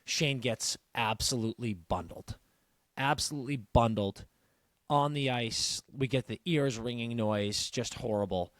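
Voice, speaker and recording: Animated, swearing podcast host with a dry sound. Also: male voice, mid-range voice, unhurried, no echo. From Canada. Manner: animated, swears freely, retells scenes. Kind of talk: casual chat.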